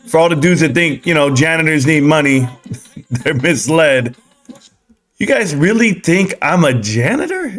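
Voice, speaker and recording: Male stream host, a bit high-pitched, casual and rambling, jokes and gives shout-outs to his audience. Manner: chatty, rambling, joking with his chat. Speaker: stock market live stream host. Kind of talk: casual live stream chat.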